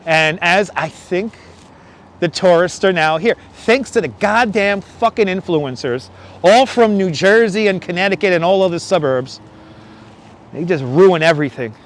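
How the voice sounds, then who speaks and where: A man's voice: high voice, normal speed. A man hosting a live walking stream outdoors, chatting and joking while reading viewer comments aloud, on a wireless lapel mic. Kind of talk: casual live-stream chat. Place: outdoors walking a windy city bridge. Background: city traffic and passing subway trains.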